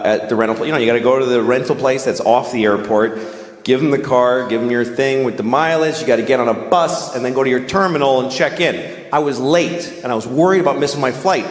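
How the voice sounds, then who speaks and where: A middle-aged man doing a stand-up comedy set, telling rambling, self-deprecating stories on a live stage. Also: mid-range voice. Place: live stage before an audience. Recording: roomy live venue with crowd noise.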